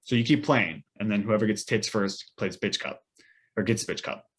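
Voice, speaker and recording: A man's voice: fairly low pitch, normal speed, husky. A young man, a podcast co-host, telling a rambling weekend story in casual chat with lots of fillers and restarts.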